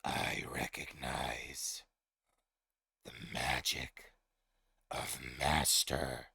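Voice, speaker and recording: Deep slow manticore, bossy and scary, tabletop game. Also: male voice, little pitch movement, gravelly, sharp tone, slightly rough, no room sound, clean studio sound, exaggerated voice. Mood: menacing. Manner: slow, drawn-out, imperious. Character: huge menacing male manticore, deep slow commanding voice.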